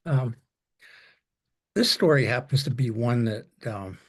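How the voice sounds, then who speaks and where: A man's voice: mid-range voice, animated, a little slow, husky. A man, an author about to read, speaking hesitantly as he thinks aloud.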